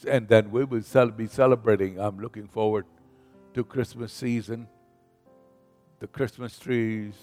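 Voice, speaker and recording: A man preaching a sermon as pastor, slow and emphatic, leading the congregation in call-and-response and rising in volume on scripture. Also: on the low side, steady tone, a little mellow. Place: church sanctuary. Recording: reverberant hall with faint music.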